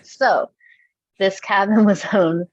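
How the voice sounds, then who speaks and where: A woman's voice: medium pitch, fairly even intonation, slow, no room sound, lo-fi sound. A woman casually chatting as a podcast co-host, laughing often and acting out quotes while she tells stories. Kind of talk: casual chat, storytelling.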